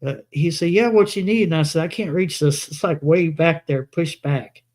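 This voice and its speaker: Rambling man with a higher voice. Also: steady tone, normal speed, a little mellow. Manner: rambling anecdotes, quoting himself. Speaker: co-host. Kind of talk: casual live chat.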